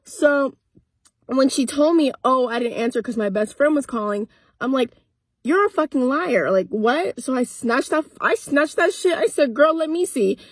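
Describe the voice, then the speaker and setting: A woman's voice: high-pitched, moderate pace, slightly rough, no echo. Young woman telling a blunt storytime. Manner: blunt, profane, animated retelling with quoted dialogue. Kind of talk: casual storytime vlog. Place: parked car.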